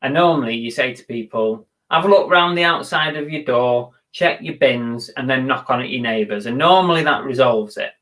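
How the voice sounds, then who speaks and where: A man's voice: medium pitch, normal speed, hardly any pauses, fairly bright tone. A man co-hosting a live reselling show, chatting casually and poking fun at himself, swearing now and then. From England. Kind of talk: casual chat on a live stream.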